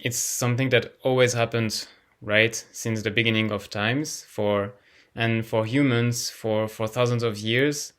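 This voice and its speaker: A man's voice: mid-range voice, steady tone, unhurried, a bit bright, clean tone. A man speaking English as a second language, casually explaining astrology as a healing teacher, often repeating words as he searches for them. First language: not English.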